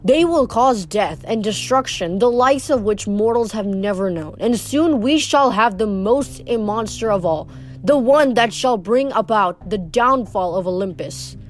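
A woman's voice: medium pitch, animated, a little slow, soft background music, close to an everyday voice. A woman reading aloud, voicing a smug male monster villain who speaks in formal, mocking threats. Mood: menacing. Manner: mocking, formal menacing speech.

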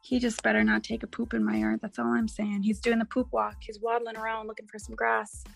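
Raspy-ish young woman, kinda high voice, bubbly chatty, gets sidetracked. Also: brisk, faint music behind. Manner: animated, easily sidetracked, giggly storytelling. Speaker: podcast co-host, hairstylist. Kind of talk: casual chat.

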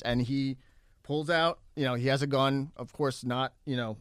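A man casually telling a story as a guest, animated and acting out what people said, with lots of fillers. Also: mid-range voice, normal speed, no echo, clean studio sound. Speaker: comedian guest.

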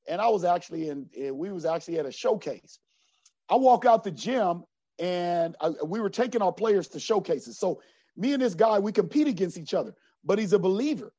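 A middle-aged man coach telling an earnest story of faith in an interview, lively at times and often dropping to a low quiet voice. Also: no room sound. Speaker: basketball coach. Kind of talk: personal faith testimony in an interview. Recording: dry, slightly dull sound.

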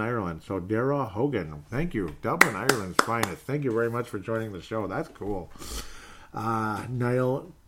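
A man with a medium-pitched voice hosts a casual sports podcast, reading listener comments aloud. He chatters loosely, using fillers and chuckling along the way.

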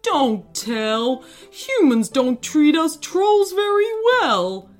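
A woman's voice: high-pitched, big pitch swings, clear, resonant tone, faint music behind, voice pushed up, heavily acted. Woman voicing a wailing sad troll janitor. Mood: pleading. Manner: slow, wailing, pleading. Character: whiny male troll janitor, hoarding and sad.

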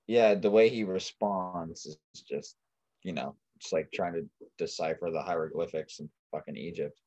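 A man's voice: low-pitched, normal speed, darkish tone, muffled recording. A man chatting casually as a podcast guest over a remote mic, laid-back and often asking "you know what I mean". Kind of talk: casual crude podcast chat. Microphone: remote mic held far off.

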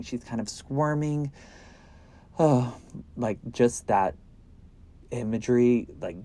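A man hosting a true crime podcast, telling the case casually with lots of filler words and dropping to a hush at grim moments. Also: mid-range voice.

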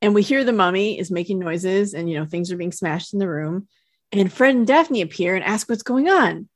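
A woman's voice: moderate pace, no room sound. A woman casually recapping a cartoon episode for a podcast, telling the plot steadily with dry humor. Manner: steady storytelling recap, dry humor, lifts her pitch for quoted characters. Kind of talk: casual chat.

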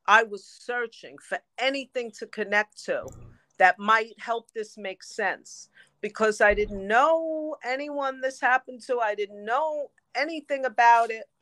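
A woman telling her own story as a podcast guest, lively and quick to laugh. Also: on the high side, dry recording. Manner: lively, laughs often between phrases. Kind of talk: storytelling in interview.

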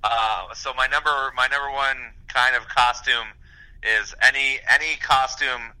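A man's voice: medium pitch, steady tone, a little slow, bright, forceful tone, clear, resonant tone. A man chatting casually over a phone call while pacing around, rambling and laughing easily. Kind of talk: casual chat.

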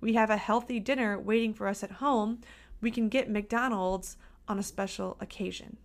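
A woman's voice: mid-range voice, fairly even intonation, normal speed, lightly acted. A woman playing a firm, caring mom. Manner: firm, patient. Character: firm, caring mother setting limits.

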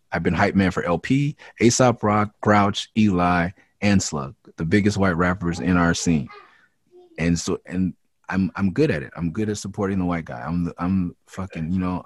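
A man who raps, from the Los Angeles area, talking frankly and with a lot of swearing in a casual interview, and getting louder when he is heated. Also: low voice, normal speed, no echo. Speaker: rapper and interview guest. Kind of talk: candid casual interview talk.

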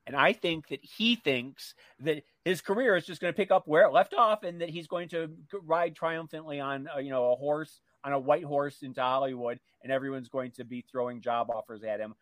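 A man co-hosting a radio talk show, telling gossipy, catty stories in an animated way. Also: fairly high pitch, a little fast, hardly any pauses, no echo. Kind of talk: casual talk radio chat.

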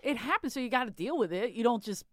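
A woman's voice: on the high side, animated, quick pace, no echo. A woman co-hosting a casual chat, telling a story with frequent restarts and asides. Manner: chatty, laughs often, trails off and restarts. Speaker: podcast co-host.

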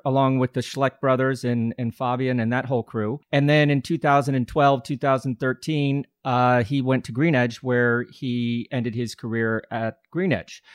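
A man's voice: medium pitch, no room sound, studio quality. A man in his forties hosting a podcast, talking in a rambling, friendly way with frequent restarts. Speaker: podcast host. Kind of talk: casual podcast chat.

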